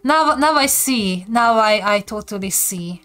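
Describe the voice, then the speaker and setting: A woman's voice: medium pitch, animated, a little slow, fairly bright tone, soft background music. A woman from Hungary, speaking with a Hungarian accent, chatty and giggling often as she teaches viewers on a casual live stream.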